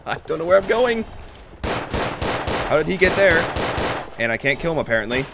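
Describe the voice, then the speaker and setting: A man giving excitable, profane gameplay commentary, shouting battle cries while he plays. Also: on the high side, a little fast, vocal fry, long pauses, heavy background noise. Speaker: gaming YouTuber. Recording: game music and gunfire behind. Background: game music and gunfire.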